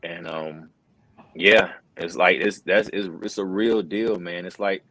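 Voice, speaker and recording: A man's voice: sits low, fairly even intonation, a little slow, bright, forceful tone, rough recording. A middle-aged wrestling commentator, telling an earnest personal story in a casual interview, full of fillers like "bro" and "man.".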